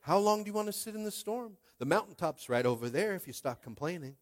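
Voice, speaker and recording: A man voicing a casual, blunt divine figure who tells someone to get up and stop complaining, spoken quietly and offhand. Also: sits high, lively intonation, fast, voice pushed up. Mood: blunt urging.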